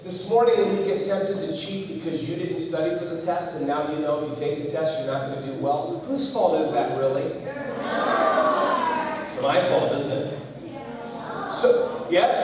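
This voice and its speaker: Animated man in an echoing hall. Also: sits high, slight background noise. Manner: animated storyteller acting out voices. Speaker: school assembly speaker. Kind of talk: motivational talk to students. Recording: echoey hall, far from the mic.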